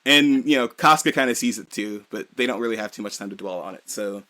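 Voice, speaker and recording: A man co-hosting a podcast, recapping a story in relaxed, animated talk and swearing casually. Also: fairly low pitch. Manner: animated recap that slips into quick character voices, swears freely. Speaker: podcast co-host. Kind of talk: casual chat.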